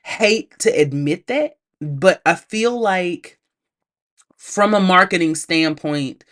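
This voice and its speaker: A woman with a slightly low-pitched voice reviews a film in a loose, conversational way. She is lively and chatty, laughs easily, and speaks straight to her viewers as if they were friends. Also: slow. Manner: chatty and animated, laughs often; addresses viewers directly, acts out characters' lines. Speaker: movie reviewer. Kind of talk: casual movie review.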